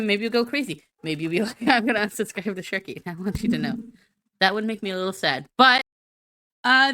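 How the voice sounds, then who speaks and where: A woman's voice: a little high, sharp tone, no echo, studio quality. A woman streamer doing a silly, rambling, self-mocking be-right-back rant.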